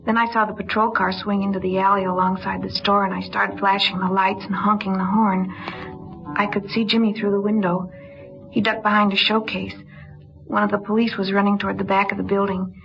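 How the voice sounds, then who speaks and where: An actress narrating as a young woman confessing her story in a 1950s radio drama, quiet and weary. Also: medium pitch, level tone, brisk, gravelly, close to an everyday voice. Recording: dull old radio broadcast with music.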